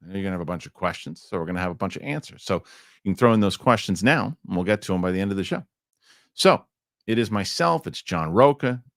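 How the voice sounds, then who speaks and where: A man's voice: low-pitched, fast talker, no echo, studio quality. A man co-hosting a live entertainment news show, joking and rambling in casual chat and reading news aloud. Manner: animated, joking, rambling asides.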